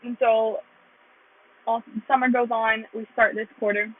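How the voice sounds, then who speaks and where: A woman's voice: a little high, little pitch movement, a little slow. A young American woman earnestly telling her faith testimony in a rambling way, full of "like". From United States. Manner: earnest, rambling, heavy use of "like". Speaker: vlogger sharing her testimony. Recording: tinny phone-like sound.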